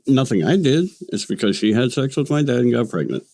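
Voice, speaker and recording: A man in his late forties, a podcast guest, speaking in a halting, matter-of-fact, self-deprecating way. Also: mid-range voice, sing-song, warm tone, no echo. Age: late 40s. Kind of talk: casual podcast chat.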